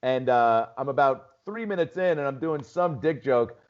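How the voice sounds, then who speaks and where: A man's voice: medium pitch, animated, normal speed, highs cut off. A man from Seattle, a stand-up comedian, chatting loosely as a podcast guest, full of "dude" and "like". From Seattle, USA. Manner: loose storytelling, lots of "dude" and "like". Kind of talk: casual podcast chat.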